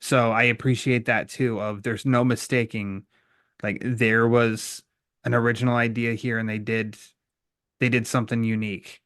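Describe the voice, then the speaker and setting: A man's voice: mid-range voice, little pitch movement, normal speed, a bit bright, dry recording, studio quality. A man hosting a podcast in a casual, rambling way, with fillers and jokes, wrapping up the episode. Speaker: podcast host. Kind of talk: casual podcast chat and outro.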